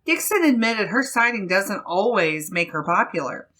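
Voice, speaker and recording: A woman podcast host reading a news article aloud in a slow, deliberate way. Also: medium pitch, big pitch swings, sharp tone. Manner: slow, deliberate reading with laughs between phrases.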